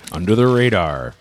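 A man's voice: lowish voice, a little hiss or hum. Jokey man reading listener emails. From Los Angeles area. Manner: jokey, reads emails aloud with bursts of laughter. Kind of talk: casual remote podcast chat.

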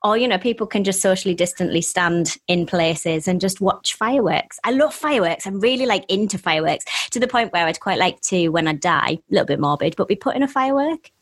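Bubbly female guest, jokey and mid-pitched. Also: lively intonation, brisk, few pauses. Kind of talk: casual chat.

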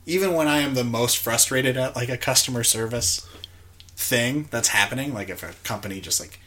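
A man's voice: medium pitch, moderate pace, sharp tone. A man co-hosting a podcast in casual chat, swearing freely and acting out quoted lines. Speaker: podcast co-host.

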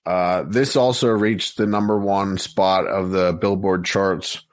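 A male podcast host with a low voice, recorded dry and close. He reads through lists of songs steadily, dropping in casual fillers as he goes. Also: slow pace, no room sound. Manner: steady, list-reading with many fillers. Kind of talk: casual chat, reading out lists.

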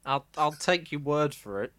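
A man co-hosts a comedy podcast, cutting in with dry, teasing quips. His voice has a bright, forward tone. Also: a little high, animated, moderate pace, clear, resonant tone. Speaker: co-host. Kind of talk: casual chat.

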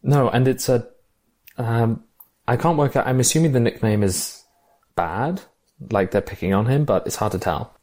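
A man's voice: medium pitch, moderate pace, darkish tone. A man chatting casually about a favourite film, enthusiastic and reflective. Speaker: film podcast co-host.

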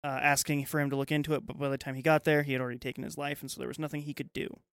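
A man co-hosting a podcast in casual chat, agreeable and quick to say yes while retelling a film's plot. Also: medium pitch, little pitch movement, fairly bright tone, clear, resonant tone, no echo, studio quality. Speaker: podcast co-host.

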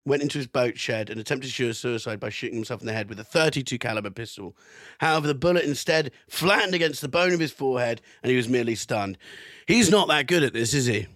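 A man's voice: medium pitch, lively intonation, fast talker, a bit bright, no room sound, clean studio sound. A man co-hosting a casual podcast, reading out an odd history story with amused, swearing asides. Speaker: podcast co-host.

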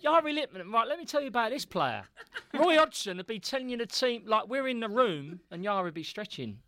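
A man's voice: very high-pitched, sing-song, fairly quick, bright, forceful tone, no room sound. A man telling football stories in casual chat, laughing, swearing and acting out what people said. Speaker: guest storyteller, former footballer.

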